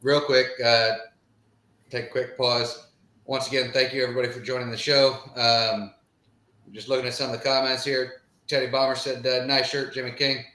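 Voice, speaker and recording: A man's voice: mid-range voice, flat delivery, normal speed, bright, forceful tone, roomy sound. A middle-aged man co-hosting a live show, chatting casually and reading viewer comments, with a drawling manner and lots of filler phrases. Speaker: podcast co-host. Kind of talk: casual live-stream chat.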